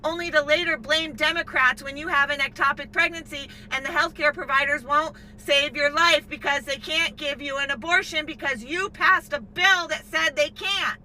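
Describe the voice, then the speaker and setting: A woman's voice: high-pitched, normal speed, few pauses, bright, forceful tone, a little hiss or hum, poor audio. A woman delivering scathing, indignant political commentary.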